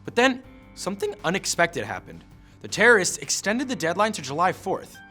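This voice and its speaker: A man's voice: high-pitched, huge pitch swings, normal speed, sharp tone, faint music behind. A man giving scripted history narration in a punchy storytelling manner with wry asides.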